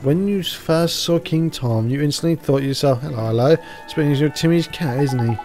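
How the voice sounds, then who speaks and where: A man's voice: a little high, fairly quick, a little mellow, soft background music, lightly acted. A man reading out the lines of a cheeky little fairy sidekick, talking in a folksy, chummy way full of tag questions. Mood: chatty.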